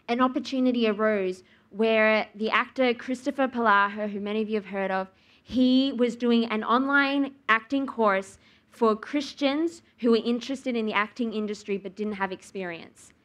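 A woman's voice: on the high side, a bit bright. A young woman preaching a sermon, telling a personal story and acting out her own reactions. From Australia. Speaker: speaker at church.

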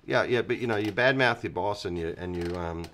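A man's voice: deep voice, brisk, fairly bright tone, slight background noise. A man teaching the Bible in a casual chat. He laughs often and acts out the voices of the people he quotes.

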